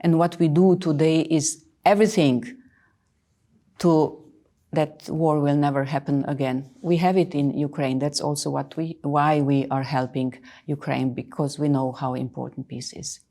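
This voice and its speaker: Interview guest, woman in her 60s, low mellow voice, emphatic, hesitant delivery. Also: steady tone, moderate pace. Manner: emphatic, hesitant with many fillers. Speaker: interviewed official. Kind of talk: earnest interview answers.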